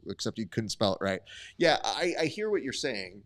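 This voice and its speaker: A man's voice: lowish voice, big pitch swings, moderate pace, clear, resonant tone. A man hosting a live stream, calling grappling results and reading chat in a casual, profane, bantering way.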